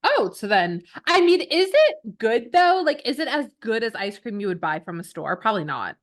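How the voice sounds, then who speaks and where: A woman's voice: on the high side, very animated, normal speed. A woman co-hosting a podcast, telling stories in casual chat. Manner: chatty storyteller, laughs while telling stories. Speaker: podcast co-host.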